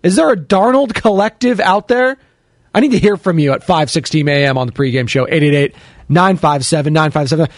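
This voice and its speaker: High-voiced chatty sports show host, man. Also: fairly quick, no room sound, clean studio sound. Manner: chatty, jokey, shouts out listeners. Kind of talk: casual sports radio chat, taking calls and chat.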